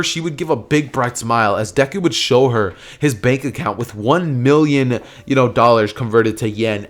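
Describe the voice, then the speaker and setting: A man's voice: mid-range voice, normal speed, hardly any pauses. A man casually narrating a fan story, rambling with lots of fillers and restarts.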